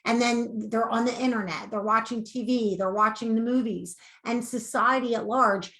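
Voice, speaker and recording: Animated, higher-pitched woman coach. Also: normal speed. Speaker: weight-loss coach. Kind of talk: conversational interview.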